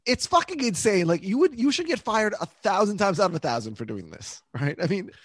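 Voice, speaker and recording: A man's voice: sits high, very animated, fairly quick, a bit bright, no echo. A man co-hosting a podcast, chatting casually and animatedly about a TV episode, laughing often. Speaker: podcast co-host. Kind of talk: casual chat recapping a TV episode.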